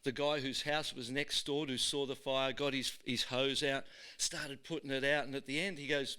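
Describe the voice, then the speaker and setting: Lively Australian man spinning yarns. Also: mid-range voice, moderate pace, smooth. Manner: lively yarn-spinner, laughs often, acts out voices in his stories. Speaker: podcast host. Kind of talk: casual storytelling chat. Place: podcast studio.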